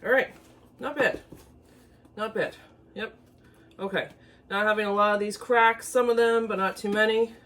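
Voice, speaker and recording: A woman's voice: medium pitch, little pitch movement, fairly quick, a bit bright, a little hiss or hum. Chatty woman cooking at home. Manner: chatty, talks viewers through each step. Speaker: home cook and channel host. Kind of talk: casual cooking demo. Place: home kitchen.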